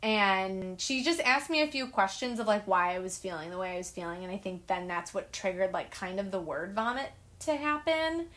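Young woman, earnest, emotional, self-deprecating, video call from home, middle pitch. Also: moderate pace, hardly any pauses, a bit bright. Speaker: guest, writer and director. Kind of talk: casual video-call chat.

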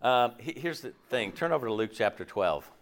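A man's voice: mid-range voice, animated, a little fast. A pastor preaching a conversational sermon, acting out quoted voices as he goes.

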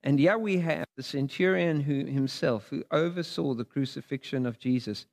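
A man's voice: mid-range voice, moderate pace, vocal fry, a little mellow. A man preaching a sermon, reading scripture dramatically with big rises and drops in his voice. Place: church sanctuary. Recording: long hall reverb.

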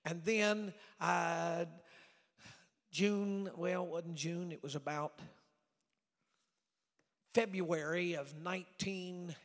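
A middle-aged man preaching a storytelling sermon in a folksy way, swinging from loud preaching to hushed asides. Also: sits high, steady tone, slow, long pauses. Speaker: evangelist preacher. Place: church sanctuary. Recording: reverberant church hall.

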